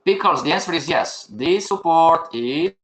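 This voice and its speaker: A man's voice: fairly high pitch, animated, a little slow. An older man teaching a live online class, firing questions at the students and answering them himself. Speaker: trading instructor. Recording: echoey room.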